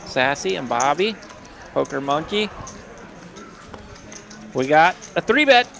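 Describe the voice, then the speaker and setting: A man's voice: a little high, very animated, slow pace, vocal fry, bright, forceful tone. A man commentating live poker with playful, jokey banter. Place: card room broadcast booth. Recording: casino crowd noise behind.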